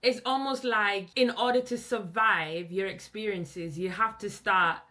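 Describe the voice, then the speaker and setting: A woman's voice: mid-range voice, a little slow. A young woman from Jamaica with a Jamaican accent, hosting a casual podcast chat and telling stories with easy laughter. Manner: warm storytelling, laughs often. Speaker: podcast host.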